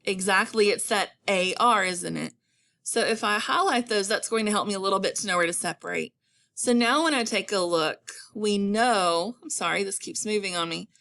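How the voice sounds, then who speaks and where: A woman teacher giving a patient phonics lesson, stretching words out slowly for her students. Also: mid-range voice, vocal fry, fairly bright tone.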